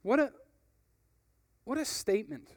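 A man's voice: very high voice, sing-song, a little slow, dry recording, clean studio sound. A young man preaching in a casual, conversational way, telling a story and reading from a book. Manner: casual, conversational, uses fillers like "like" and "you know".

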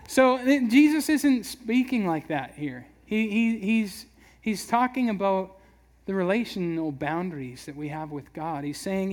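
High-voiced young pastor, chatty and joking. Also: male voice, expressive, a little slow. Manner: conversational, humorous, many restarts. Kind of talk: sermon.

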